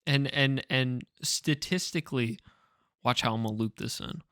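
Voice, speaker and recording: A man's voice: medium pitch, moderate pace, a bit bright, no echo. Young guy on a podcast, jokey, bounces between crazy ideas, dry close mic. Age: young adult. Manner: joking, jumps between wild ideas, laughs often. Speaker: podcast co-host. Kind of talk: casual chat.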